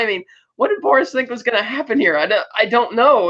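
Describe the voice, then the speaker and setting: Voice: medium pitch, expressive, fast, bright, forceful tone. A podcast co-host casually recapping a film, retelling scenes with loose asides and acted bits of dialogue. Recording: dull lo-fi audio.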